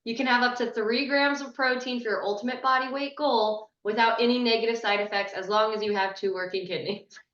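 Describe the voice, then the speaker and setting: Quick-talking woman in a roomy, dull recording. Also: fairly high pitch, fairly even intonation, a bit bright. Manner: quick, laughing asides and caveats. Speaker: fitness coach and host. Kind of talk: casual interview chat.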